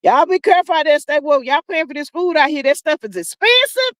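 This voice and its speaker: This is a woman live-streaming with a high voice that swings widely in pitch, recorded with no echo. She chats casually and reads comments in a sassy, folksy style, calling listeners "child" and "honey," laughing often and stretching out her fillers.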